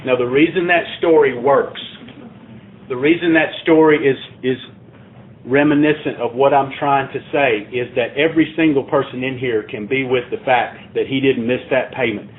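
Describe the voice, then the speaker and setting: A man's voice: medium pitch, steady tone, normal speed. A man giving a plainspoken, earnest talk at a recovery meeting, building to emphatic points. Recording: tinny phone-like sound.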